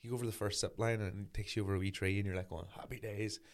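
A man in his thirties, telling a sweary, animated anecdote in casual chat as a podcast co-host. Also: low-pitched, racing.

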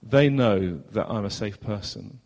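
Southern English pastor in a reverberant church. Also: male voice, lowish voice, measured pace, creaky. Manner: earnest, rhetorical questions, swings between loud and hushed. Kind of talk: sermon. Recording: long hall reverb.

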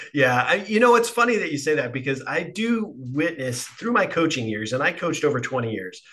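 A man hosting a casual interview, with a bright, forceful tone. He halts and restarts his phrases as he works his way toward each question. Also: on the high side, expressive, moderate pace. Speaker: podcast host and former coach.

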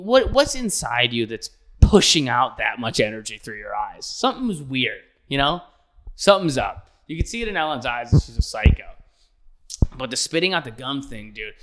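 Bright-voiced young man ranting. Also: medium pitch. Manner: rambling, profane, laughs often. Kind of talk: casual comedic rant.

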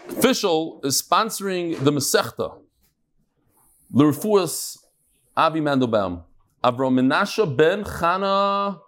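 A man leads a live Talmud class, his voice pitched a little high for a man. He talks in a chatty way, makes asides and jokes to the people in the room, and drops Hebrew and Yiddish terms into his English.

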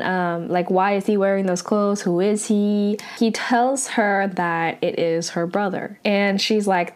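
A young woman casually recapping a drama episode, chatty and full of "like" and "um". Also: mid-range voice. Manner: chatty, heavy use of "like" and "um".

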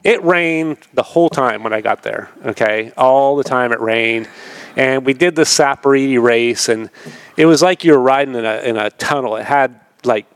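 A man in his fifties tells old racing stories as a podcast guest, relaxed and meandering. His voice sits at an average pitch and is recorded dry and close. He laughs easily and slips into other people's voices for quotes. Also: normal speed, clean tone, dry recording. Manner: laid-back, rambling, laughs often, acts out quoted voices. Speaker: podcast guest, retired motocross racer. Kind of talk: casual storytelling interview.

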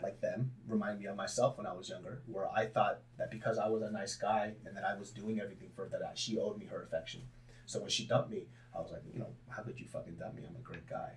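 A young man with a fairly low voice talks through his own past in a relaxed interview. He is candid and swears freely, and he breaks into big bursts of laughter. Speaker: podcast guest, comedian. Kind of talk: casual storytelling interview.

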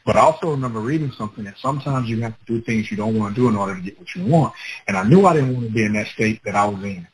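Animated storytelling man, faint background hiss. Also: on the low side, rapid-fire, rough recording. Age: adult with children. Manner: animated, laughing, acts out his own past words. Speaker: guest telling a personal story. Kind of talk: casual personal storytelling.

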